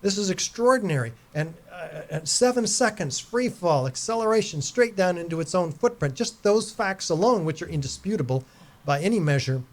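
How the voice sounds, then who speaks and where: Male podcast guest, earnest and measured, somewhat high-pitched. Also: expressive. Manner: earnest, measured explaining with fillers. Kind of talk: casual podcast interview.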